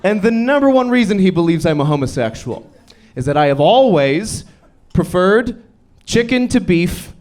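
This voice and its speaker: Deadpan young man doing stand-up. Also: high voice, moderate pace, slight background noise. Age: young adult. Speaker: stand-up comedian. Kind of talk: stand-up set. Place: comedy club stage.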